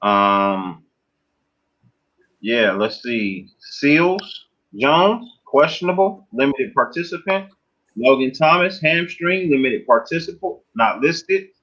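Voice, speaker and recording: A man's voice: medium pitch, lively intonation, slow pace, fairly bright tone, dull audio. A man hosting a live sports stream in a laid-back, casual way, often saying "you know what I mean.".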